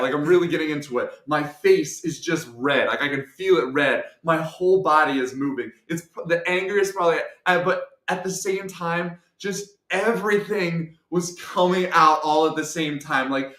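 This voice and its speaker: A young man tells a personal story with plenty of energy. He acts out every voice in it, drops to soft asides and builds to full shouts. The room is echoey. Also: fairly high pitch, moderate pace, hardly any pauses. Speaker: guest storyteller.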